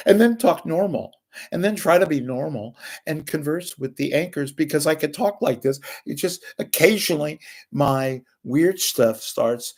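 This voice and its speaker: A man's voice: on the high side, animated, moderate pace, vocal fry, a little mellow. An older man giving a sarcastic, scornful solo rant as a media commentator, swearing freely.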